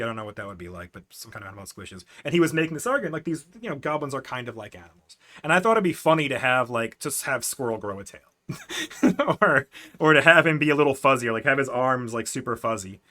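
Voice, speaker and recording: A man with a bright, forward voice at an ordinary middle pitch chats loosely to viewers about his tabletop campaign. He rambles, restarts sentences and laughs often, like a game master thinking out loud. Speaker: game master streaming session prep. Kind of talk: casual livestream recap.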